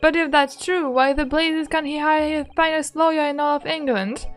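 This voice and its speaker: A woman's voice: high voice, fairly even intonation, moderate pace, soft background music, natural voice. A woman voicing a boastful, blustering rich older man with a put-on Irish lilt while playing a game. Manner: bragging, loud, folksy put-on Irish lilt. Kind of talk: voicing game characters in a playthrough.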